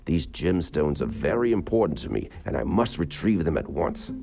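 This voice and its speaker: A man voicing a huge ancient male dragon who speaks slowly and formally. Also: a bass voice, very animated, gravelly, over music, exaggerated voice. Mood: solemn. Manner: slow, formal, stately speech.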